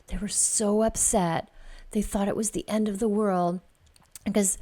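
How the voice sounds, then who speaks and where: A middle-aged woman, a podcast host and life coach, telling a personal family story in a chatty way, laughing often and dropping to a soft whisper at tender points. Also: medium pitch, steady tone, unhurried.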